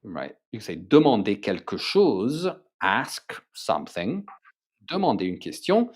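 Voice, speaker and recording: A man's voice: fairly low pitch, wildly swooping pitch, measured pace. A man teaching an online lesson, enthusiastic and checking in with the learner often. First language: French. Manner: enthusiastic, switches between English and French, many "right?" check-ins. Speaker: French teacher.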